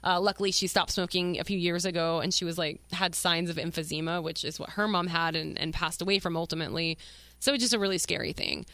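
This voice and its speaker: A young woman hosts her own podcast and speaks in an open, emotional way. Her bright voice is recorded dry and close. She tells her story with plenty of fillers and the odd curse. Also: fairly low pitch, steady tone, fast, no room sound. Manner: emotional, candid, swears, many fillers. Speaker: podcast host. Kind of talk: personal storytelling monologue.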